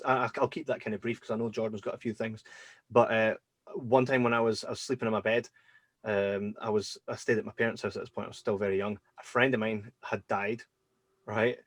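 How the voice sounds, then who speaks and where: A man hosting a podcast, telling personal stories in a casual, animated way and acting out his own reactions. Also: lowish voice, no room sound. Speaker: podcast host. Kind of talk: casual storytelling chat.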